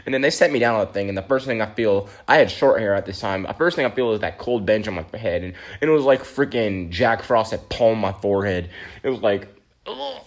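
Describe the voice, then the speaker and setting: A man telling a story in a casual vlog monologue, animated and dramatic, with slangy asides. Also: lowish voice, brisk.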